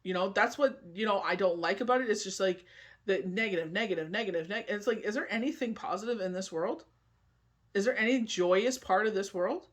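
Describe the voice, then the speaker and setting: A tarot and oracle card reader giving a casual spoken forecast, rambling and chatty, often asking "you know what I mean" and reading card meanings aloud slowly. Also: medium pitch.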